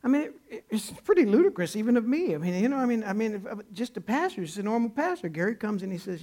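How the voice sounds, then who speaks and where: A man delivering a sermon in a relaxed, chatty way, his voice pitched high for a man with a rough, gravelly edge. He acts out the people in his stories as he preaches. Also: quick pace, few pauses. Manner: conversational preaching, acts out quoted characters. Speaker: pastor.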